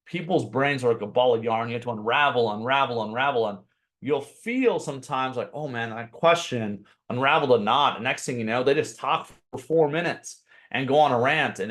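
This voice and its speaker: A man's voice: mid-range voice, fairly bright tone. A man teaching a sales webinar, talking casually and with emphasis, and acting out sample conversations with clients. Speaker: sales coach.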